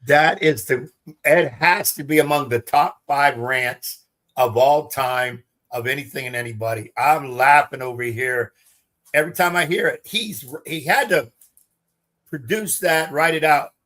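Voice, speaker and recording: A middle-aged man co-hosting a casual sports talk show as a coach, measured and reflective, laughing easily. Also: medium pitch, fairly bright tone. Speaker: co-host, coach.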